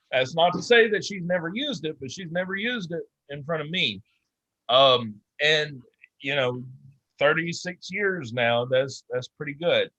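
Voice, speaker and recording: A man in his thirties talking slowly and hesitantly in casual chat, with a bright, slightly high voice. His audio is dry and dull, with a lo-fi sound. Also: no echo. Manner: slow, hesitant, with restarts.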